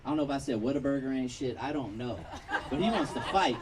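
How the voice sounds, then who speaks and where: Stand-up guy from long beach, profane storyteller, crowd laughing loud, mic kinda far off. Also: mid-range voice, animated, fast, noisy background. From Long Beach, California. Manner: profane, storytelling, acts out characters. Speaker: stand-up comedian. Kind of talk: stand-up comedy set. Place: outdoor backyard patio show.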